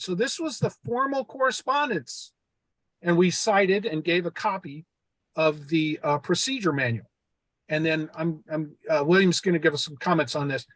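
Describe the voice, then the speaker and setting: Older male host, slightly high voice, dry close recording, earnest and formal when reading. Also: a bit bright, no echo. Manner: earnest, reads letters aloud in a formal tone. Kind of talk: casual discussion, reading a letter aloud.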